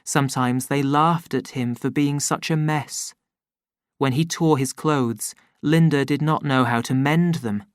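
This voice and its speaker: A narrator reading a story aloud in a slow, measured, plain storytelling manner. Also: medium pitch, smooth, dry recording, clean studio sound. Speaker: audiobook narrator. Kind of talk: scripted narration.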